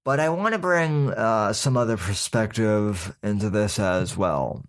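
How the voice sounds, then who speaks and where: Slow, low-voiced male podcast host. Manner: sarcastic, folksy, addresses listeners as folks; halting, with frequent fillers and restarts. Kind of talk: casual opinion commentary.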